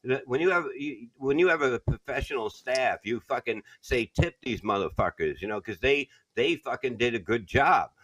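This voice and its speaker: A man's voice: mid-range voice, moderate pace, few pauses, dry recording, low-quality recording. A man with a New York accent, hosting a casual podcast chat, blunt and full of swearing as he tells stories. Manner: blunt, swearing, animated storytelling. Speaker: podcast host.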